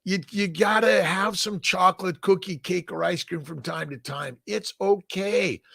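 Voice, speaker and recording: An older man with a fairly high, gravelly voice, answering viewer comments on a casual live stream. He talks in an upbeat, encouraging, folksy way, often asking "right?". The sound is close and dry. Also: measured pace, a bit bright, dry recording. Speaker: host answering viewer questions.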